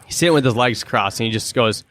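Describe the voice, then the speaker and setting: This is a pro hockey player guesting on a casual chat, a Minnesota man in his thirties with the local accent. He talks fast in a mid-range voice, spinning stories and animatedly performing the people he quotes.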